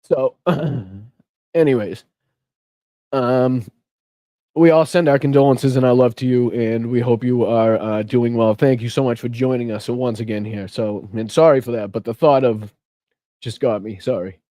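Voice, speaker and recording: A man's voice: mid-range voice, steady tone, fairly quick, hardly any pauses, warm tone, dry recording. A middle-aged man with a Boston accent hosting a casual political livestream, greeting viewers by name and swearing freely. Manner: casual, swears freely, reads out chat names. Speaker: host of a political livestream show. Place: home room with air conditioner running.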